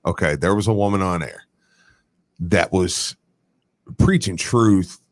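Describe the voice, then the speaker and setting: A man's voice: low voice, takes it slowly, dry recording. A man co-hosting a sports radio show, chatting casually and steering the talk with emphasis. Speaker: radio co-host.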